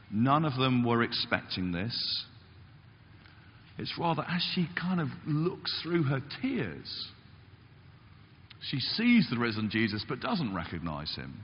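A male pastor delivers a sermon with a lively, swooping delivery, sometimes acting out the voices he quotes. The sound is slightly dull and carries a long church reverb. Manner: animated, acts out quotes with big pitch jumps. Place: church hall.

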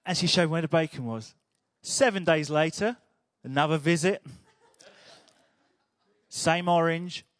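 A man's voice: fairly high pitch, unhurried, pauses often, a bit bright, dry recording. A man preaching a sermon in a chatty, humorous storytelling way.

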